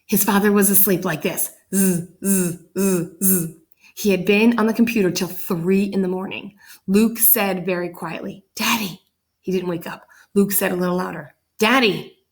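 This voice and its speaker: A teacher reading a picture book aloud to her class, with animated, expressive storytelling. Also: mid-range voice, brisk.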